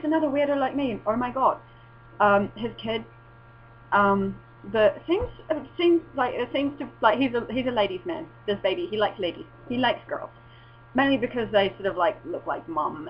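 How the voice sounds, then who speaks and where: A young woman chats in a loose, rambling vlog, swearing freely and breaking into excited exclamations. Her voice sits at an ordinary pitch. The recording is dull and lo-fi, with a faint mains hum underneath. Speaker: vlogger. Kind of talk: casual rambling chat.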